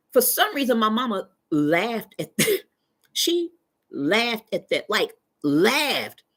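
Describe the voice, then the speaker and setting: A woman chatting on a live stream, her bright voice swinging widely up and down as she tells stories. She laughs often and answers her viewers' comments as she goes. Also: a little high. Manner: animated storytelling, laughs often; talks back to chat readers. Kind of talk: casual live-stream chat.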